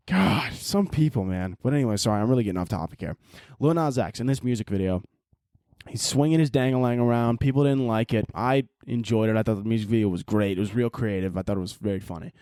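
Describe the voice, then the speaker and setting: A man's voice: fairly low pitch, fast, warm tone, no room sound, clean studio sound. A young man in his twenties hosting a comedy podcast, rambling and profane in a casual rant. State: tired from little sleep.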